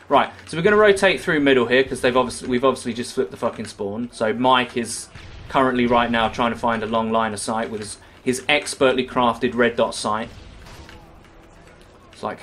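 A man's voice: medium pitch, fairly bright tone, slight background noise. A young man giving sarcastic, swearing commentary over his own gameplay as a gaming YouTuber. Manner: sarcastic, swearing, quick to rage and laugh. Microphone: webcam-recorded gaming setup.

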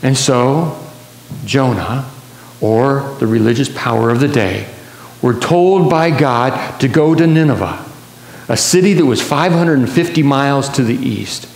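A man's voice: mid-range voice, a little slow, gravelly, a little mellow. Man preaching in an echoey church. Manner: storytelling with frequent restarts and repeated words. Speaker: pastor. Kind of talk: sermon. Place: large church sanctuary.

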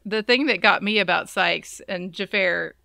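A woman's voice: medium pitch, normal speed, gravelly, bright, forceful tone, dry recording, clean studio sound. A woman co-hosting a podcast, chatting casually about a movie, laughing often and trailing off mid-thought. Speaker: podcast co-host. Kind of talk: casual chat.

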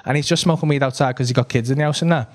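A man with a Liverpool accent doing stand-up, telling a long story in an animated, swearing way and acting out the people in it, on a comedy club stage. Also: mid-range voice, racing, very noisy.

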